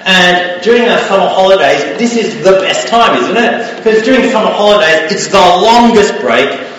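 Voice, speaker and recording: A man's voice: high voice, moderate pace, slight background noise. A middle-aged man preaching a sermon as a guest speaker, telling stories in a conversational way and letting phrases trail off. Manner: conversational, animated storytelling with dropping trailing phrases. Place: church. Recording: echoey hall, heard from far off.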